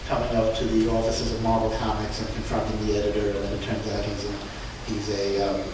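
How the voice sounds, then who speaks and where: A man giving an informal slide presentation at a book event, speaking haltingly with many restarts and fillers and chuckling now and then. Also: on the low side, completely flat delivery. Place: event room in a museum. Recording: echoey room, far from mic, background noise.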